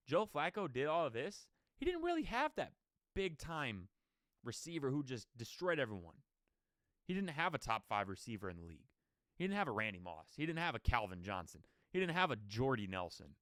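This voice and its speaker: A man hosting a sports show alone, his pitch jumping up and down as he rants. He fires off opinions and rhetorical questions in a quick, worked-up run. The sound is dry and close, with no room around it. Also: dry recording. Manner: animated, opinionated, rapid-fire rant with rhetorical questions. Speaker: sports podcast host. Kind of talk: solo sports commentary.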